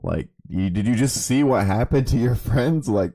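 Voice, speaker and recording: A man's voice: mid-range voice, animated, normal speed, dark tone. A man co-hosting a casual anime talk, hesitant and hedging as he talks. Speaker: podcast co-host.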